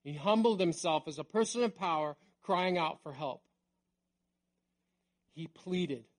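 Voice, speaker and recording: A middle-aged man preaching a sermon in a conversational way, dropping to a near hush on key words. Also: a little high, unhurried. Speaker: pastor.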